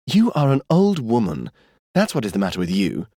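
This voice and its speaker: Storybook: man reading a defiant, mocking young heiress, lifted pitch, lively swings, dry booth. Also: fairly quick, no echo. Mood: scornful. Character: spirited young woman, twenty-one, scornful and headstrong. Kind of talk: audiobook character voice.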